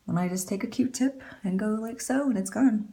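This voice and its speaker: A woman's voice: mid-range voice, moderate pace, vocal fry, mellow. A woman chatting casually through a makeup tutorial, rambling and poking fun at herself. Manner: chatty, rambling, self-deprecating. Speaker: beauty vlogger.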